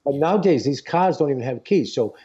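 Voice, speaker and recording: A man's voice: a little high, animated, fairly quick, a crowd in the background. A middle-aged man chatting casually, rambling and joking, often repeating himself as he gives advice. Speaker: advice-giving show guest. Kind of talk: casual chat. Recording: dull lo-fi sound.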